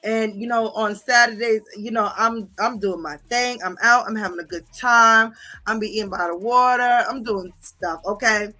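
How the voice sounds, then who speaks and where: A woman's voice: a little high, steady tone, moderate pace, sharp tone. Profane, heated woman ranting on stream. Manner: profane, confrontational, repeats "okay?" and "bitch". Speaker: livestream host. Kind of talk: heated livestream rant reading viewer comments.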